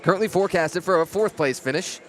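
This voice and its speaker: Excitable man calling a powerlifting meet. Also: high-pitched, quick pace, a faint crowd. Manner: excitable, joking, chatty. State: out of breath. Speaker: play-by-play commentator. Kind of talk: livestream sports commentary.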